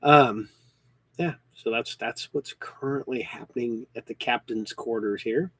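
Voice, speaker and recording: A man's voice: mid-range voice, unhurried, a little hiss or hum. A man in his early fifties hosting a podcast, chatting casually and rambling with frequent ums and restarts, hiccuping now and then. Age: 50s. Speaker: podcast host. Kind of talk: casual chat.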